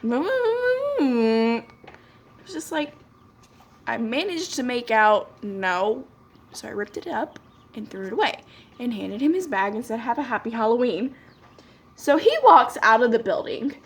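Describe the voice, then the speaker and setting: A woman's voice: fairly high pitch, lively intonation, normal speed, slightly rough. A young woman chatting casually while doing her makeup, telling a story full of "like" fillers and quoted dialogue. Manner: chatty, lots of "like" fillers, quoting people in dialogue. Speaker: beauty vlogger.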